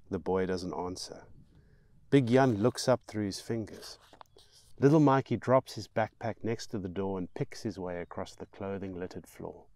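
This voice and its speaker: A man reading his own novel aloud in slow, measured storytelling. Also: fairly low pitch, a little mellow, no room sound. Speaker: author and narrator.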